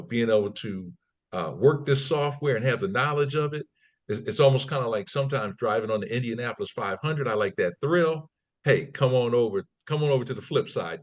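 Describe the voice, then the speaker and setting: A man as a podcast guest, talking casually and acting out quoted people in raised voices, often repeating and restarting words. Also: on the low side. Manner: animated storyteller, acts out quotes in raised voices. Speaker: guest, trading company CEO. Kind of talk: conversational interview.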